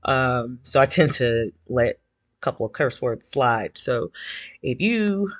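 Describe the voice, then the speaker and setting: An older man hosts a casual fan support livestream from his couch at home, sounding nervous. His mid-range voice is shaky yet expressive, slow and full of ums, in a dry recording.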